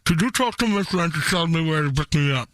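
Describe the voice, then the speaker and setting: A man making a deadpan prank call on a radio show, talking flat and evasive, mumbling as if his mouth is full. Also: fairly high pitch, fairly quick.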